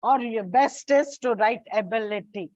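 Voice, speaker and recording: Woman English tutor, high voice, dry dull recording, slow and deliberate drilling. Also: darkish tone, no echo. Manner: slow, deliberate, spells out word endings and repeats words. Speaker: English teacher. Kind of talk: classroom lesson on word stress.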